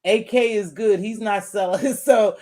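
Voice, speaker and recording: A woman's voice: medium pitch, unhurried. A woman hosting an easygoing talk among friends. She tells stories with energy and drops into little quoted voices along the way. Her voice sits in the middle of the range. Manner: animated storyteller acting out quotes. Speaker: host. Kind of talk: casual chat.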